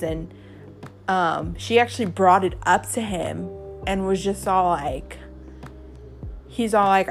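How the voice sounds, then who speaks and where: A woman podcast host chatting casually about a show she has been watching. She is gossipy and loose, full of fillers and quick impressions of what others said. Faint music sits in the background. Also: mid-range voice. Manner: chatty, gossipy recap with fillers and quoted reactions. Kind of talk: casual chat.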